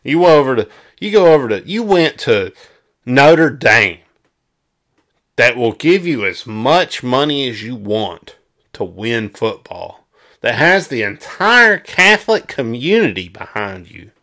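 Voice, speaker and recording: Southern man from Arkansas, sports-talk co-host: lively, bright, exclamatory ranting delivery. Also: mid-range voice, a little slow. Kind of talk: casual sports chat.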